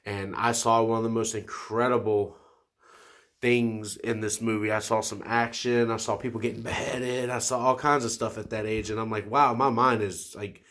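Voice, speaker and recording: Young male podcast host, lower voice, eager rambling movie chat, lots of restarts. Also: little pitch movement, normal speed, fairly bright tone. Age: 20s. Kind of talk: casual solo movie talk.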